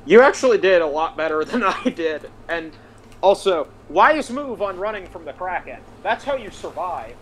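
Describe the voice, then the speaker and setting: A man's voice: high-pitched, sing-song, normal speed, slight background noise, rough recording. A man chatting easily with a friend while they play a game together. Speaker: gaming friend. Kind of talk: casual gaming chat.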